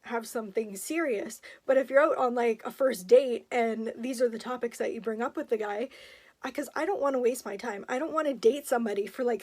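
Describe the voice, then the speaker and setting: A woman in her thirties in a confessional vlog, choked up and near tears, talking in halting bursts with pauses and apologies. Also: fairly high pitch, a little mellow.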